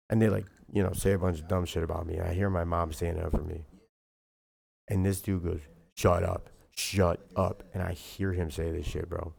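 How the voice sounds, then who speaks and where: A man with a deep, low-pitched voice and a rough, gravelly edge. He rants to his stream in a heated, profane ramble, packed with fillers and restarts. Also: a little mellow. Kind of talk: casual rant to camera.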